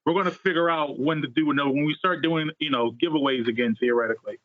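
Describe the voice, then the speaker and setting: A man's voice: fairly high pitch, fast talker, no echo. A man co-hosting a gaming podcast in casual chat, talkative and upbeat with playful puns. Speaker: podcast co-host. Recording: tinny phone-like line, dry.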